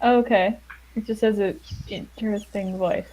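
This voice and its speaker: Slow, giggly woman player. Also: medium pitch, fairly even intonation, darkish tone, husky, low-quality recording. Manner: giggly, tentative. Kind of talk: casual tabletop play.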